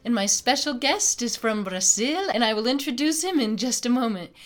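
A woman hosting a podcast interview, upbeat and emphatic, who laughs often. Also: fairly high pitch. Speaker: podcast host.

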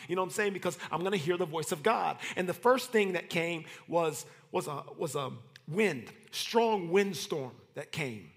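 Male pastor, thirties, fairly high voice, slangy and dramatic, shouts and whispers for effect; long hall reverb. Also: expressive, moderate pace, few pauses. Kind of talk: sermon.

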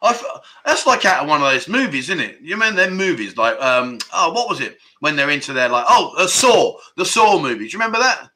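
Guy hosting a chatty livestream, really bright tense voice, jokey, keeps laughing and grumbling at viewers. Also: a little high, sing-song, brisk. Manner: jokey, laughs often, mock-grumbling banter. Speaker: livestream chat show host. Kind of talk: casual livestream chat, reading viewer comments.

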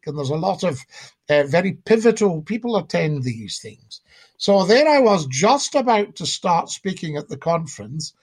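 A man's voice: high voice, husky. A man, a former radio phone-in host, telling stories and acting out his callers' voices. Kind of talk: interview anecdotes.

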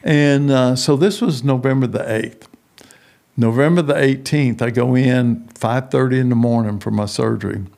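A man's voice: medium pitch, moderate pace, creaky, a little mellow. A middle-aged man, a prison ministry founder, telling a personal story in an interview and acting out the voices of the people in it.

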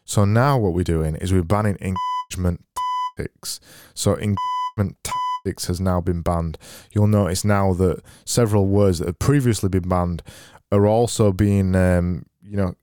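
A man hosting a solo comedy podcast, rambling deadpan and mocking himself, into a boom-arm mic. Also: normal speed. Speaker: podcast host.

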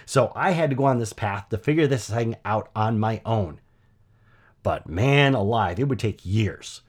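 A middle-aged man hosting his own podcast, telling a personal story in a chatty, animated way with lots of asides. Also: lowish voice, a little slow, husky. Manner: conversational, animated storytelling with frequent "you know" and "right?". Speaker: podcast host.

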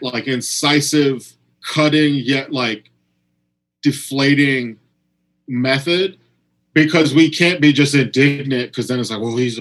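A man, a comedian, talking in a casual chat and acting out quoted exchanges with lively energy. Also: medium pitch, rough recording. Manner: animated, acts out quoted exchanges.

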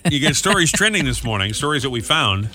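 A man's voice: mid-range voice, sing-song. A man hosting a morning radio show, teasing his co-host and riffing through the segments. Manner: teasing, jokey, quick to riff.

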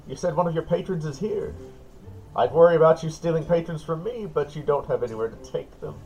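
A man's voice: fairly high pitch, expressive, brisk, mellow, highs cut off, soft background music, voice pushed up. A man voicing an old, gap-toothed woman innkeeper who chatters with blunt, sly digs, in a tabletop game. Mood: teasing.

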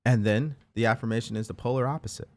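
A man's voice: mid-range voice, fairly even intonation, fast talker, darkish tone, no echo. A man hosting a motivational live show, talking earnestly and repeating phrases as he coaches listeners. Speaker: host.

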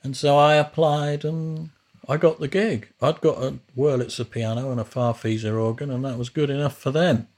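This podcast host speaks in a mid-range, slightly mellow voice with fairly even intonation and a moderate pace. Casually recounting his early life as a musician, he rambles and frequently starts over.

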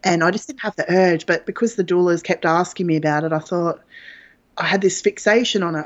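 A woman's voice: lowish voice, fairly quick. A woman guest telling a personal story in a frank, chatty way, with plenty of fillers. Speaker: interview guest. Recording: dull lo-fi audio.

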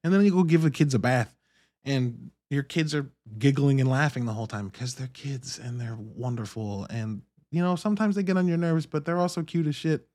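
A man in his thirties hosting a podcast, talking in a candid, profane, animated monologue. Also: mid-range voice, a little fast. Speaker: podcast host. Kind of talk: casual monologue.

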